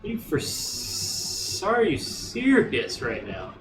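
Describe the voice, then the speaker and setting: A man's voice: fairly high pitch, huge pitch swings, slow, far from the mic. A man giving chatty, rambling let's play commentary, recorded off-mic in a roomy space with game music behind. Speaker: gamer streamer.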